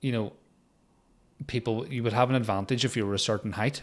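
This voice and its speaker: A man's voice: medium pitch, steady tone, brisk. A young man hosting a podcast, telling crude, joking stories in casual chat. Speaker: podcast host.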